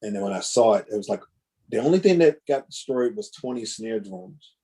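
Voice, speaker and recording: Low, mellow man telling stories. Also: a little fast. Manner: rambling, animated storyteller with frequent restarts. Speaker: guest drummer. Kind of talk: casual storytelling over a video call. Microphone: video call. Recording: choppy internet connection.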